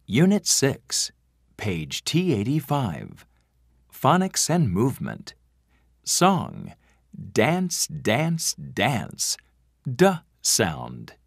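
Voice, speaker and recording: A man reading out textbook track announcements in a slow, measured, deliberate way. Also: mid-range voice, huge pitch swings, no echo, studio quality. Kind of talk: scripted textbook audio announcements.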